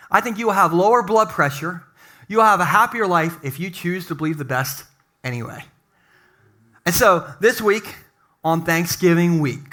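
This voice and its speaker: A man pastor giving a sermon to a live congregation, telling stories with animated humor. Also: sits high. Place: church service with a live congregation.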